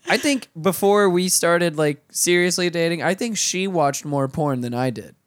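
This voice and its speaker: A man's voice: fairly high pitch, unhurried, dry recording, clean studio sound. A man hosting a podcast in casual chat, enthusiastic and swearing freely. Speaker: podcast host.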